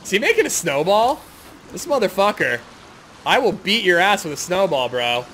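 A man giving gameplay commentary, excitable and ranting with frequent swearing. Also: high-pitched, normal speed, slight background noise. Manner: excitable, swears freely, rants in frustration. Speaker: gaming video creator.

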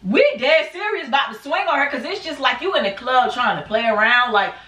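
Woman in her 20s, bright high voice, lively storytime vlogger, echoey room with the mic set back. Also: brisk, recorded from a distance, slight background noise. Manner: animated, acts out quotes in high bursts. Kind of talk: casual storytime.

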